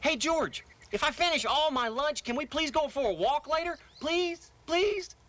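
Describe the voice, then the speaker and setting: A man's voice: extremely high pitch, expressive, moderate pace, a bit bright. A man voicing an eager pet dog who begs for a walk. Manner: eager, pleading.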